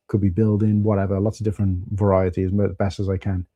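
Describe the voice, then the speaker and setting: A man's voice: low voice, level tone, fast, warm tone, no echo, muffled recording. A man with a Welsh accent hosting a casual live stream, chatting loosely and greeting viewers by name. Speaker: livestream host. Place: at home.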